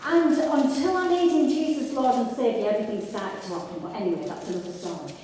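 A woman's voice: fairly high pitch, quick pace, dark tone, a little hiss or hum. A woman preaching a sermon to a congregation, earnest and conversational, with frequent restarts and rising fervour. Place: church hall with congregation. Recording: echoey hall, voice from far off.

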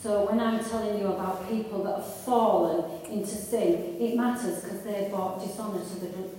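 A woman preaches to a congregation in a church hall, earnest and conversational, restarting often as her fervour rises. Her medium-pitched voice is steady, mellow, and at normal speed, with slight background noise. The hall is echoey and she sounds far off.

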